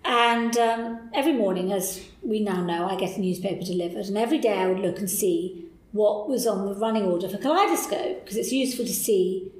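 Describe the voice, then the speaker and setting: A woman guest telling stories from her career in a lively, animated way. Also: medium pitch, a little fast, roomy sound, poor audio. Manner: lively, animated storyteller, voices people in quotes. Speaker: podcast guest. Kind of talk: candid interview storytelling.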